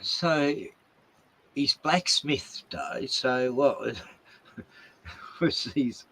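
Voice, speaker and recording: A man who speaks very slowly and haltingly, asking questions in a bright, tense tone and pausing between his words. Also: medium pitch, lively intonation, low-quality recording.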